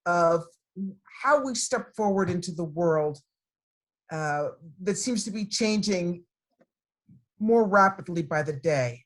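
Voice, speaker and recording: A middle-aged woman, a guest speaker addressing students over a video call from her computer, warm and encouraging as she tells stories. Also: medium pitch. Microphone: computer microphone on a video call.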